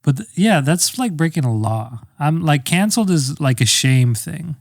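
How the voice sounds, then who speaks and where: A man's voice: on the high side, lively intonation, moderate pace, vocal fry, dry recording, studio quality. A man co-hosting a podcast in casual chat, teasing his partner with crude banter. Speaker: podcast co-host.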